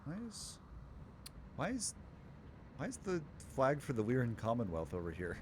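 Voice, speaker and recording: A man's voice: mid-range voice, huge pitch swings, normal speed, a little hiss or hum. A man co-hosting a game stream, bantering and teasing his friend playfully. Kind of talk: casual chat over gameplay.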